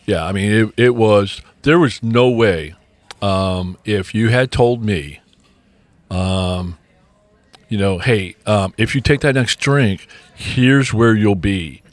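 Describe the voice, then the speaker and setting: Middle-aged male co-host, low-ish voice, loose rambling chat with restarts, dead-dry studio mic. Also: slow, no room sound. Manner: rambling, repeats words, frequent ums. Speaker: podcast co-host. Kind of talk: casual recovery podcast chat. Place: podcast studio.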